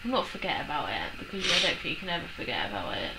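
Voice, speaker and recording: A woman, the vlogger's wife, chatting casually and gently prompting him. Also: lowish voice, very animated, rapid-fire, very noisy. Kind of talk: casual chat.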